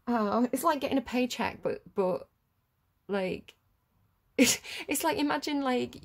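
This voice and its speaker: A woman's voice: a little high, lively intonation, unhurried. Rambling, chatty woman reading tarot. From United Kingdom. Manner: rambling, chatty, wanders off on tangents. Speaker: tarot reader. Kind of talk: casual tarot reading chat.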